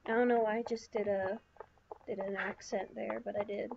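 A woman's voice: medium pitch, little pitch movement, normal speed, gravelly, lo-fi sound, noisy background. A woman giving chatty, rambling let's-play commentary, talking to herself with lots of fillers. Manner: rambling, chatty self-talk with many fillers. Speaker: gaming channel host.

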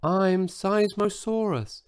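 A man voicing a huge, gentle male dinosaur who speaks in a tiny, timid, whispery voice for a storybook. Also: sits high, takes it slowly, clear, resonant tone, pitched above the performer's own voice. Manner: soft, meek, whispery.

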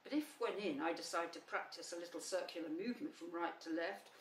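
A woman's voice: fairly low pitch, a little fast, natural voice. A woman voicing a gloomy old donkey who speaks coldly and sarcastically. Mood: sardonic. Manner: cold, dry, sardonic. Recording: roomy, slightly distant, faint hum.

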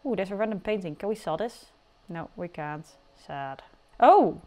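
A woman with a mid-range, slightly mellow voice narrates her life simulation game at a moderate pace, her intonation lively. The commentary is casual, chatty, and teasing, with playful outbursts, and faint music plays behind her.

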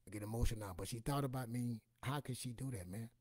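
A man gives a motivational talk full of personal stories. He speaks in a loose, colloquial way, swears casually, and sits at an ordinary pitch. The recording is close and dry. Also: fast talker, a little mellow, slightly rough, no echo. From Louisiana, US.

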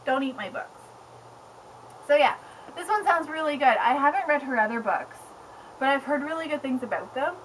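Excitable high-voiced young woman vlogger. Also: fairly quick, a little hiss or hum, poor audio. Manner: excitable, rambling, peppered with "like". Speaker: book blogger. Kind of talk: casual vlog chat. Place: home with pets around.

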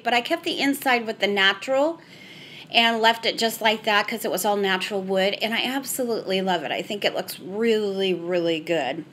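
Chatty bright-voiced woman touring her home. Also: fairly high pitch. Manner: chatty, rambling, frequent "so anyhow". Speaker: home decor vlogger. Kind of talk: casual home tour. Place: in her family room at home.

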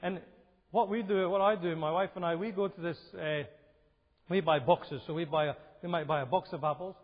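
Husky man lecturing in a reverberant hall. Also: high-pitched, fairly even intonation, a little fast, highs cut off. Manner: conversational, asks the audience questions. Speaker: health seminar presenter. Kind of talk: church health seminar talk. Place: church hall.

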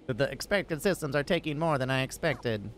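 A man streaming a game live, reacting excitably and talking to the characters and to his chat. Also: mid-range voice, brisk. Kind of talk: live gameplay commentary. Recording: noisy background.

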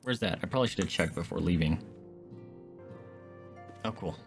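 A man's voice: deep voice, normal speed, gravelly, soft background music. A man streaming a game, chatting casually and reacting to what happens. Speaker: gaming streamer. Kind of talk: casual let's play commentary.

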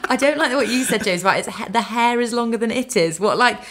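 A woman's voice: fairly high pitch, fast, a crowd in the background. Giggly English woman in banter. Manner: chatty, giggly, playful banter. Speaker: podcast co-host. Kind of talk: casual comic chat.

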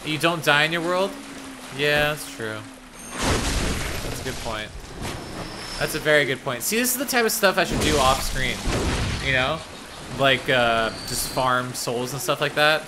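A man's voice: mid-range voice, noisy background. A man streaming a game live, casually chatting and teasing his chat. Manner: playful, teasing, reads chat aloud.

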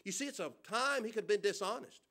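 A high-pitched male pastor delivers a church sermon. He quizzes his congregation, and every so often he swells into loud bursts of emphasis. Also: animated, quick pace. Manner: preaching with questions to the congregation and sudden loud emphasis. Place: church service.

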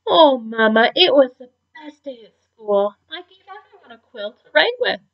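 A woman voicing a young, lonely boy porcupine in a storybook, with a whiny, high childlike voice. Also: very animated, normal speed, creaky, lo-fi sound, exaggerated voice. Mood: excited.

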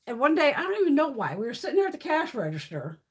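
Fast and very animated, this livestream host speaks in a high voice. She's a blunt storyteller who swears a lot and keeps breaking into laughter in a casual way.

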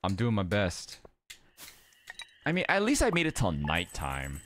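Casting note: drowsy male streamer, lowish voice with a lively, bouncing pitch, rambling and playful. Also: unhurried, a little hiss or hum. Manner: rambling, playful, easily excited. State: tired, sleepy. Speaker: game streamer. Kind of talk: casual live-stream chat to viewers.

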